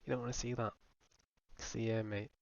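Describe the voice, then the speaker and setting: Here a young comedy video host rants in a profane, rambling, mock-serious voice-over. His voice is medium-pitched and gravelly, his delivery flat and moderately paced, with no room sound. The recording itself is dull and lo-fi, and faint music plays behind him.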